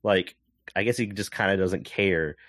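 A man with a very deep voice joins the podcast as co-host. He talks in halting casual chat and often corrects himself mid-sentence. The sound is dry and close. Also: a bit bright, no room sound.

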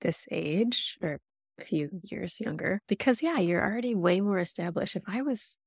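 A woman's voice: mid-range voice, animated, moderate pace, breathy edge, no echo, clean studio sound. A woman in her thirties chatting candidly in a grateful, easygoing way. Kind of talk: candid casual chat.

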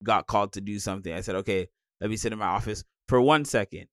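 A man's voice: fairly low pitch, fast talker, no room sound, clean studio sound. A young man co-hosting a podcast in casual chat, tired, rambling with many restarts. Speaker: podcast co-host.

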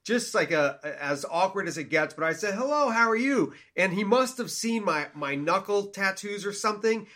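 A man's voice: high-pitched, moderate pace, hardly any pauses. A young man co-hosting a casual faith podcast, telling a story and acting out the voices of the people in it. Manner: animated storyteller, acts out quoted dialogue. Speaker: podcast co-host.

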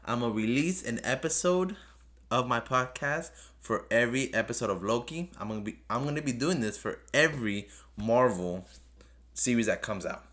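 A man's voice: medium pitch, lively intonation, normal speed, a bit bright. A man hosting his own podcast, talking off the cuff in a rambling, earnest way that repeats itself, speaking English as a second language. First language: not English. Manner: earnest, pleading, repeats himself. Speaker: podcast host. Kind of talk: casual solo podcast review.

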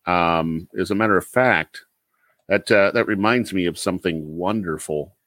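A man playing as a contestant in a casual podcast quiz game, hesitant and excitable, full of fillers. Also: sits low, normal speed, no echo.

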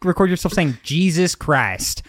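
A man's voice: fairly high pitch, animated, a little slow. Playful man asking questions on a podcast. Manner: playful, teasing, prompts others with questions. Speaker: podcast co-host. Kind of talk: casual chat.

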